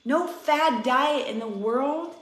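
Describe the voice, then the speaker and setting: A woman fitness coach in her thirties talks straight to her viewers in an earnest, chatty live-stream pep talk. Her voice sits a little high for a woman. The recording has a roomy, echoey sound. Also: takes it slowly. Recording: roomy echo.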